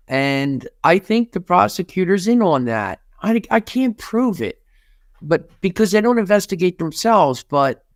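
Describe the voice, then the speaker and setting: A man being interviewed in a casual chat, speaking haltingly with restarts and trailing-off sentences. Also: high voice, dry recording, clean studio sound. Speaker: interview guest.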